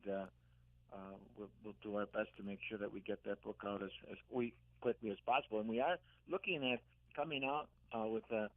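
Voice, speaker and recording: An older man, an author and caregiver, telling gentle stories in a radio interview, halting and repeating words as he speaks. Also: fairly low pitch, no room sound. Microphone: phone. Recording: tinny dry phone line.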